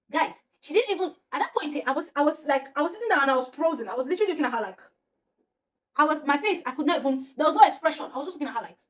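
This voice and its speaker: Young nigerian woman doing a storytime vlog, higher voice, acts out everyone's lines, goes quiet and mutters sometimes. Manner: animated, acts out quoted voices, often drops to a low murmur. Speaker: storyteller vlogger. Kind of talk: casual storytime chat.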